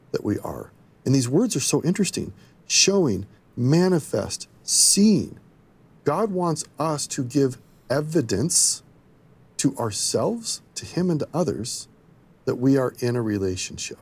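A man's voice: mid-range voice, very animated, slow pace, husky. A man teaching scripture in an earnest, explanatory discussion.

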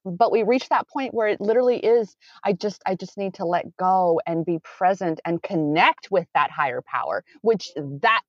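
A woman's voice: on the low side, expressive, normal speed, hardly any pauses, no room sound. A woman who works with clients, talking in a meandering, earnest way and often correcting herself mid-sentence in a conversational interview. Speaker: coach with clients. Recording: dull lo-fi sound.

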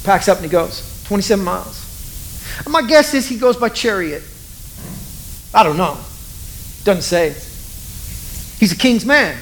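A man's voice: high voice, lively intonation, unhurried, pauses often, a little hiss or hum, rough recording. A man preaching a sermon in a loose, conversational storytelling way, full of asides to the audience. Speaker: pastor.

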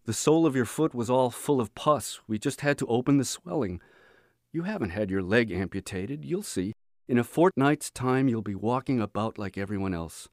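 A man reading aloud and voicing a calm, gentle doctor who soothes a frightened patient. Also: medium pitch, normal speed, dry recording, clean studio sound, lightly acted. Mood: reassuring. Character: calm reassuring middle-aged male camp doctor.

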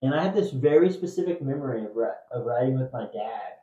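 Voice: medium pitch, lively intonation, fast talker, mellow. A trivia podcast host from Indiana, chatting casually and telling rambling, laughing stories. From Indiana, USA. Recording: dull, roomy, distant mic.

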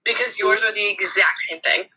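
Bright, husky young woman. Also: mid-range voice, a little fast, low-quality recording. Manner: animated, laughing reader. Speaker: podcast co-host. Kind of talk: casual chat.

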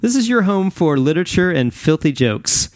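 A man's voice: fairly high pitch, big pitch swings, normal speed, no echo. A man hosting a podcast, introducing clips in an upbeat, joking way. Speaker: podcast host. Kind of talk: introducing clips, casual chat.

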